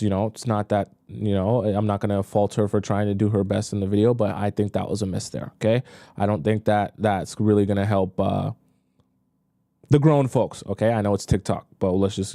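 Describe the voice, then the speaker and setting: Blunt low-voiced male dating coach. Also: fairly even intonation, fairly quick, dark tone, no echo, studio quality. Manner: blunt, talks straight to women viewers. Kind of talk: livestream commentary.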